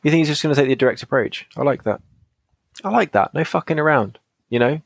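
A man's voice: mid-range voice, fast, gravelly, no echo. A British man hosting a podcast, reading a gamebook aloud and joking with guests. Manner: playful, jokey. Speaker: host and game reader. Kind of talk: casual podcast chat and read-aloud narration.

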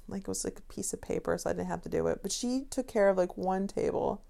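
Gravelly-voiced woman telling chatty stories. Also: medium pitch, fast talker, warm tone. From Connecticut. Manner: chatty storyteller, acts out what people said. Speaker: podcast co-host, bartender. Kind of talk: casual chat.

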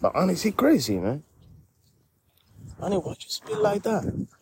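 In a comedy sketch, a man voices a brash, indignant middle-aged character with a Spanish-inflected English accent who calls everyone honey and rambles in street slang. He pitches the voice high, above his own, with wildly swooping intonation at normal speed, and there's background noise.

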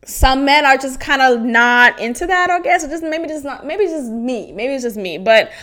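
A woman's voice: high voice, expressive, moderate pace, fairly bright tone. A young woman from Haiti hosting a podcast, talking frankly and animatedly about her life, laughing often and swearing freely. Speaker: podcast host. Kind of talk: candid personal podcast monologue.

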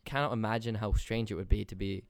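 A man's voice: lowish voice, steady tone, fast, creaky, clear, resonant tone, dry recording. A young man from England talking casually on a podcast, rambling with lots of fillers and casual swearing. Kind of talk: casual chat.

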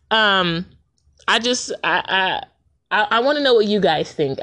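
A woman talking casually into a recorder, telling a story in an animated, colloquial way and laughing often. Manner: animated storytelling, jumps high for reactions. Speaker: podcaster. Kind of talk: casual monologue. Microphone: handheld recorder.

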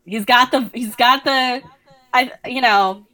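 A young woman co-hosting a podcast, chatting casually and gossiping with quick asides. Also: a little high, bright, forceful tone. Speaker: podcast co-host. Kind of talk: casual chat.

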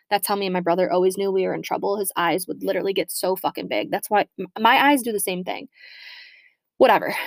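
A woman's voice: mid-range voice, dry recording. A young woman tells personal stories in a loose, chatty way. She is candid and swears without a second thought. Her voice sits close and dry, with no room around it. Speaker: podcast host. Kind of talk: personal storytelling, casual chat.

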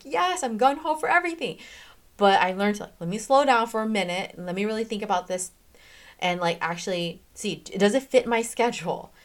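A woman giving casual motivational advice as a podcast host, chatty and emphatic, often checking in with "okay?". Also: mid-range voice. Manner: animated, swings in pace and loudness, laughs often. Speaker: self-help podcast host.

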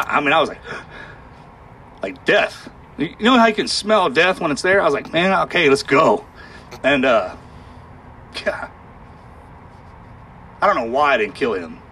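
A man telling a harrowing war story in conversation, halting and emotional, with sighs and restarts. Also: medium pitch, sharp tone, a little hiss or hum.

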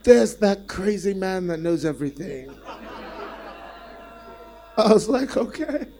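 Animated male preacher telling a story. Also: sits high, takes it slowly. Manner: animated, self-deprecating storyteller. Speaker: visiting preacher. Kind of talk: sermon storytelling.

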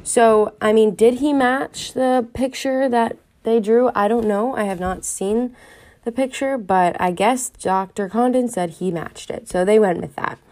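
A woman's voice: fairly high pitch, a little slow, darkish tone. A young woman hosting a podcast, telling a true-crime story in a chatty way, wondering aloud with many fillers. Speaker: podcast host.

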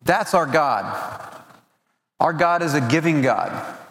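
A man's voice: a little high, animated, takes it slowly, fairly bright tone. A man giving an earnest camp sermon, stumbling and repeating words as he goes. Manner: earnest, repeats words while searching for them. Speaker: camp speaker. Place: large hall at a family camp. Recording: roomy hall with long reverb.

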